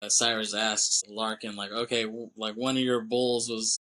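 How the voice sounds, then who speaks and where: A male podcast host recaps a film with loose, animated energy, jumping into quick impressions of the characters and laughing along the way. His voice is bright and forward. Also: fairly low pitch. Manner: animated retelling, acts out character lines, laughs often, swears. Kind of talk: casual movie recap.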